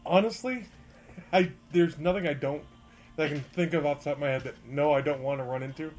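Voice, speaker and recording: A man's voice: fairly high pitch, fairly quick, darkish tone, faint music behind. A man chatting in an offhand, matter-of-fact way as a game player. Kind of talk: casual chat.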